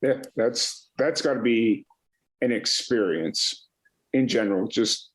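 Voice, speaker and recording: A man's voice: medium pitch, slow pace, low-quality recording. A male podcast host asking casual questions and giving short affirmations. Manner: brief affirming backchannels. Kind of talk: casual interview chat.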